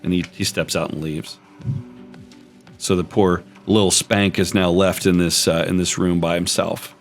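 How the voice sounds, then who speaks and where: A man's voice: deep voice, level tone, moderate pace, soft background music. A man narrating as game master, describing scenes in a loose, rambling way.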